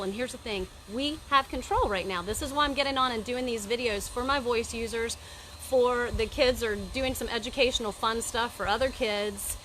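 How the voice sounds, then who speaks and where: A woman in her forties chatting casually on a live video, animated and greeting viewers by name as she talks. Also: mid-range voice, slight background noise. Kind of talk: casual live-stream talk.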